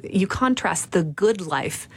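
A woman with a somewhat low voice hosts a conversation about faith. She muses thoughtfully, affirms her guest and asks follow-up questions. Her delivery stays relaxed and conversational. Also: takes it slowly, husky. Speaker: interview host.

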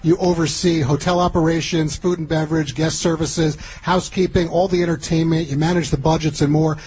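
A man's voice: a little high, fairly quick, slightly rough, poor audio. A man hosting a travel radio show live, talking in an upbeat announcer manner. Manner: energetic, announcer-like.

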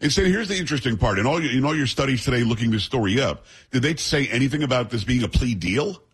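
A man hosting a talk radio show, giving brisk, opinionated commentary and teasing his co-hosts. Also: mid-range voice, lively intonation, breathy edge.

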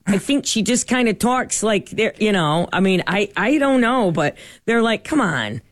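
A woman, co-hosting a morning radio show and chatting casually with quick asides. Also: medium pitch, expressive, dry recording, studio quality. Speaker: radio co-host.

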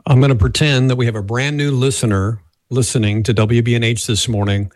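A man's voice: medium pitch, fairly even intonation, a little fast, a little mellow, no echo. A man in his fifties hosting a Christian radio interview, friendly and a bit stumbling. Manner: friendly, stumbling over words. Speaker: radio host.

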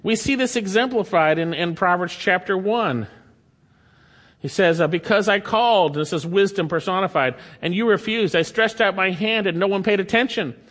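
Male preacher mid-sermon, high-pitched, swinging between emphatic peaks and quiet drops, reverberant church sound. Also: moderate pace. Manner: preaching with emphatic rises and drops, reading scripture aloud. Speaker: pastor. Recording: long hall reverb.

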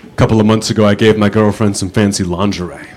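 A man on a comedy club stage delivers dry one-liners in a low voice. Faint noise sits behind him in the room. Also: fairly even intonation, quick pace, crowd noise. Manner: dry setup-and-punchline delivery. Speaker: stand-up comedian.

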